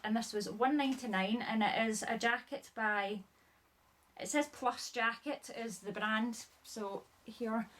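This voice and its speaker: A chatty woman talks through her thrifted finds in a loose, rambling way. She sounds a bit out of breath and keeps apologizing as she goes, peppering every sentence with "like". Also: on the high side. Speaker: haul vlogger. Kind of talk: casual chat showing items.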